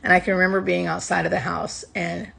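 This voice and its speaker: A woman's voice: fairly low pitch, little pitch movement, a little fast, vocal fry, a bit bright, slightly rough. A woman who works as a hospice nurse, earnestly telling a personal work story in a casual way, close to tears.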